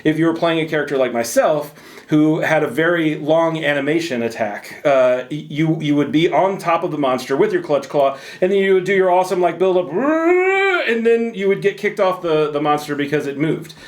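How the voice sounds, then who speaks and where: A man's voice: on the high side, animated, moderate pace. A man hosting a casual chat about a video game, rambling and joking at his own expense. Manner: jokey, rambling, self-deprecating banter. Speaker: host.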